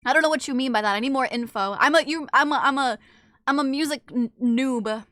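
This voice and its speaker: A woman streamer chatting casually with her live chat while eating, animated, switching between loud exclamations and low asides, swearing freely. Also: a little fast, no room sound, clean studio sound.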